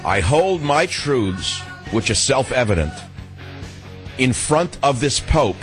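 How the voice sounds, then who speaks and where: A man hosting a talk radio show, delivering an indignant, combative monologue with sudden leaps in pitch. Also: sing-song, slow, soft background music.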